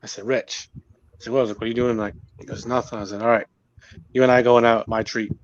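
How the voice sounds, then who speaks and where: A man telling friends a story at an easy pace, quoting people and pausing on small fillers. His voice sits mid-range. The sound is dry and slightly muffled. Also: medium pitch, level tone. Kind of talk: casual chat.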